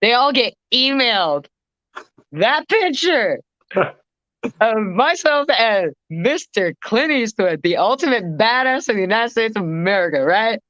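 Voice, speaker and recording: A woman who is a guest vocalist, telling a story on a casual podcast in an animated way, with swearing and frequent restarts. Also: on the high side, a little slow, dry recording, highs cut off. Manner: animated, swearing, self-interrupting.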